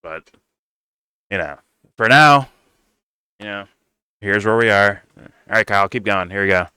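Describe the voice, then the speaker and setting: A man's voice: fairly low pitch, measured pace, bright, forceful tone, smooth, no room sound. A man ranting bluntly in reaction to a political video, swearing constantly and calling the listener "bro.". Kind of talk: profane reaction rant.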